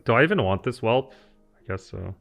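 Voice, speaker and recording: A man's voice: lowish voice, expressive, a little fast, creaky, fairly bright tone. A man streaming a card game, thinking aloud and answering chat questions in an explaining tone. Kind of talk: live-stream gameplay commentary. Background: faint lo-fi music.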